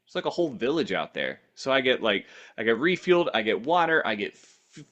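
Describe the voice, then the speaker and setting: A man's voice: medium pitch, very animated, a little fast, a bit bright, highs cut off. A man co-hosting a podcast, telling silly improvised stories in a playful, rambling way. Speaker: podcast co-host. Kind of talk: casual improv chat.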